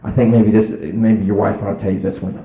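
A worried man speaks urgently and in a hurry, as a preacher quotes him in his own fairly low voice. The sound is thin and phone-like, with a roomy echo. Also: level tone, fast, lightly acted. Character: worried breathless man, a church friend. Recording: roomy, tinny phone-like old tape.

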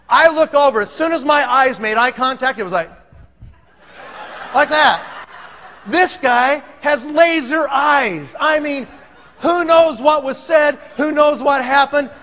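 Guy telling a funny story, animated and laughing, really high bright voice. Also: slight background noise. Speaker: speaker. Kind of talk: comic storytelling speech.

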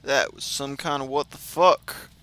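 A man's voice: mid-range voice, fairly even intonation, unhurried, pushed and bright, smooth. A man swearing and trash-talking through frustrated gameplay commentary. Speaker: gamer.

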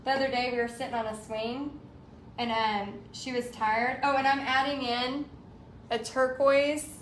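High-voiced woman chatting live. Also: slight background noise. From Texas. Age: 40s. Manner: chatty, reads out viewer comments. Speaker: art livestream host. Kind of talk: casual live craft demo chat. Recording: roomy livestream sound.

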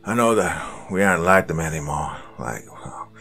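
A man's voice: extremely low pitch, expressive, normal speed, vocal fry, pushed and bright, husky, soft background music, heavily acted. A man doing a stuttering, frightened asylum patient. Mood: fearful. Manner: stuttering, fearful.

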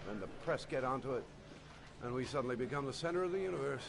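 An actor voicing a gruff, impatient middle-aged police captain in a video game, who talks curtly and sounds exasperated. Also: male voice, mid-range voice, expressive, fast, background noise. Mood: grumbling. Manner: curt, exasperated.

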